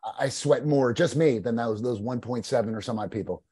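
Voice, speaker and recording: A man's voice: mid-range voice, a little fast, a loud crowd. A man hosting a podcast, joking and rambling in casual banter. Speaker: podcast host.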